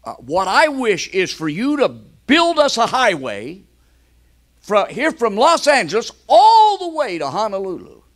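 A man's voice: medium pitch, very animated, moderate pace, creaky. Preacher doing an old married guy, earnest, kinda pleading, voice all over the place. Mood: eager. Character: eager old husband on an anniversary trip.

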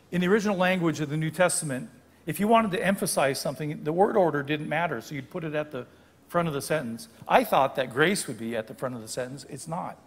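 An older man gives a guest sermon in a church sanctuary, teaching the text in a conversational style and halting to correct how he phrased things. The hall echoes behind each phrase, leaving a long reverb tail on his slightly high voice.

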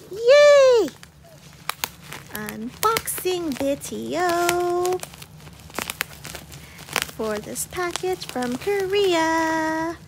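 Bubbly high-voiced young woman vlogger. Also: a little hiss or hum. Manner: bubbly, giggly, excited. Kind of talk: casual unboxing vlog.

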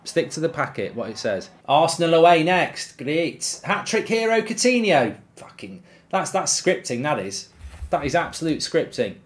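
A man streaming a football video game, reacting loudly, swearing and cheering at the play. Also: a little high, normal speed. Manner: excitable, swears, shouts at the game. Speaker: gaming streamer. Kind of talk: live football game commentary.

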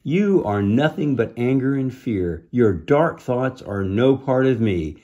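A man's voice: mid-range voice, expressive, slow pace, warm tone, lo-fi sound. A man voicing a defiant, good-hearted young boy sorcerer in a children's storybook.

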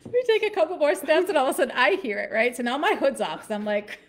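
High-voiced woman telling a lively story. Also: very fast, few pauses. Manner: animated, laughing, acting out voices. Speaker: storyteller on a live stream. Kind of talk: casual storytelling.

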